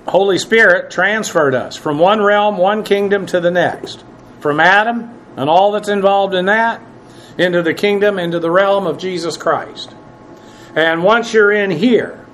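A man teaching a sermon verse by verse, plain-spoken and halting, with many fillers and self-corrections. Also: sits high, fairly bright tone, a little hiss or hum, rough recording. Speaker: pastor.

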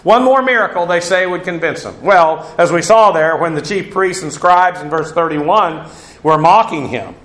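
A man's voice: fairly high pitch, animated, normal speed, a bit bright, echoey room. A man teaching through a Bible passage verse by verse, in a conversational, digressive way with asides on Greek grammar.

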